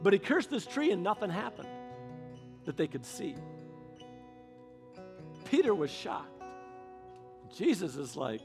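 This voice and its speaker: A man preaches with a high, bright-sitting voice, acting out quoted voices as he tells stories. Soft guitar plays faintly behind him. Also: takes it slowly, vocal fry, long pauses. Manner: animated storytelling, acts out quoted voices. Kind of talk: sermon.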